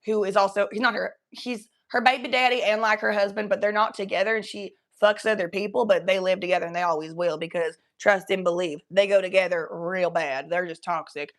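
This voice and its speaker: A young woman from Cincinnati, talking in a put-on Southern drawl during a casual livestream chat, crude and rambling, high and coughing now and then. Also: steady tone, a little fast, few pauses. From Cincinnati, Ohio.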